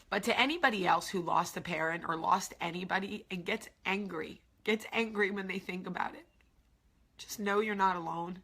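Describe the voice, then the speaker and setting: With a medium-pitched, sharp, slightly rough voice at a moderate pace, this woman in her 40s talks through an emotional confessional vlog. She is tearful and candid, repeats herself, and lapses into whispered asides.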